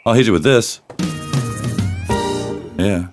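A man's voice: on the low side, slow pace, over music. A man co-hosting a casual podcast, trading dry, sarcastic quips. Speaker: podcast co-host. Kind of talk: casual chat.

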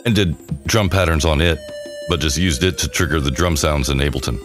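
A man's voice: rumbling low, fairly quick, over music. A man co-hosting a podcast, chatting casually in a joking, goofy, rambling way. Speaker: podcast co-host. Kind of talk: casual chat.

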